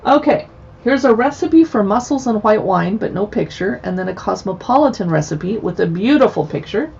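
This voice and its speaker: A woman's voice: mid-range voice, animated, normal speed, gravelly, a little mellow, muffled recording, a little hiss or hum. A woman hosting a casual livestream chat, chatty and playful with joking asides. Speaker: livestream host.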